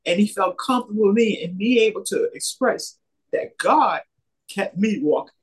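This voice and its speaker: Telling a personal faith story, a man speaks casually in a high-sitting, slightly rough voice that is animated and moves at a moderate pace. His retelling rambles and repeats, packed with quoted exchanges.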